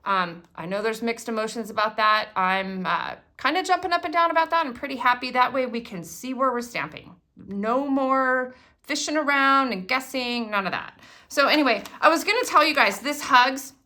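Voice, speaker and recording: A chatty woman in middle age gushes over each new craft item she unboxes, thrilled and talkative. Her voice is a little higher than most and sharply bright. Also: normal speed. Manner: gushing, excitable, chatty. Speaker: craft product demonstrator. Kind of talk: casual unboxing chat.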